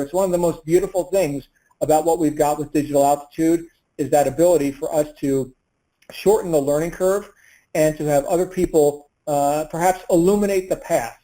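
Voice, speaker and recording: A middle-aged man hosts an online call and introduces his guest in an upbeat, motivational way. His voice sits a little high yet sounds warm and relaxed. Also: rough recording. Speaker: host.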